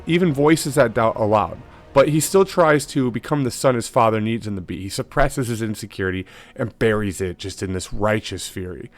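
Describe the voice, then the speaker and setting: Casual man, loose filler-heavy commentary. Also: lowish voice. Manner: loose, filler-heavy, with frequent tag questions. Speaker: lore video host.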